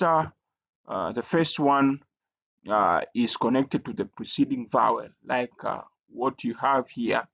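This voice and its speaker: A man teaching a recorded language lesson, pausing often with fillers and repeating the key rules. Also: medium pitch, gravelly, a bit bright. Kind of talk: recorded lecture. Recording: dull lo-fi audio.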